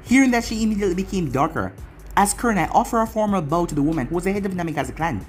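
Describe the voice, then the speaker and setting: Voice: mid-range voice, lively intonation, very fast, soft background music. A narrator reading a fan fiction story aloud, telling it plainly.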